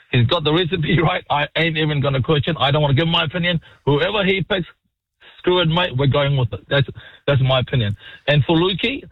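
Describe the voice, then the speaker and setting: A man calling a sports radio talkback show, blunt and excitable, swearing freely and calling everyone mate. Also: fairly high pitch, slightly rough, dry recording. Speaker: caller. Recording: muffled phone line, dry.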